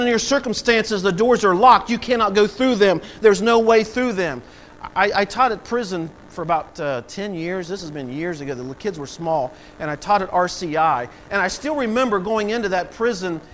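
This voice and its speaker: A pastor preaching with a fairly high voice, acting out the people in his stories and then building up loud. Faint background noise sits under the recording. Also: low-quality recording. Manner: preaching with acted-out voices and swells of volume. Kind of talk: sermon.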